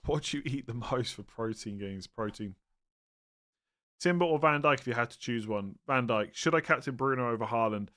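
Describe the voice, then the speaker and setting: A man's voice: mid-range voice, normal speed, fairly bright tone. Tired male streamer reading out and answering viewer questions, casual and meandering. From England. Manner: chatty, rambling, self-interrupting, tired and yawning.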